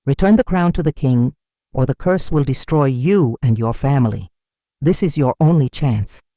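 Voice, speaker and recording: A narrator voicing a stern old prophet. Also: male voice, medium pitch, expressive, moderate pace, mellow, no room sound, studio quality, natural voice. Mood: grave. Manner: grave, firm, warning. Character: stern male village prophet, calm and grave.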